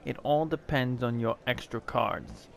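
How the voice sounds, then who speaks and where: Excitable man narrating his card game. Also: medium pitch, measured pace, vocal fry. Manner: excitable, swears and laughs at wins and losses. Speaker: gameplay video creator. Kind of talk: casual gameplay commentary.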